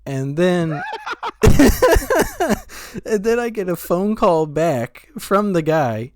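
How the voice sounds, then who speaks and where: Young guy on a podcast, lively up and down voice, dry close sound, laughing a lot. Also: a little high, slow, no room sound. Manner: animated storyteller, laughs often, mimics callers. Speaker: podcast co-host. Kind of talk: casual podcast chat.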